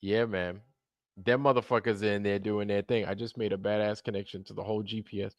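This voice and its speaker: A man's voice: lowish voice, little pitch movement, fairly quick, no echo. A man hosting a casual livestream, chatting loosely with viewers, swearing often and now and then slipping into mocking impressions. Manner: profane, laid-back, drifts into mocking impressions. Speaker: livestream host.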